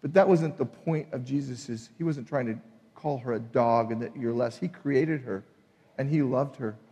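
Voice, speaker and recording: A man preaching a sermon, emphatic and animated, acting out the people in his retelling. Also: mid-range voice, moderate pace, long reverb tail. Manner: emphatic, acts out voices in retelling. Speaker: pastor.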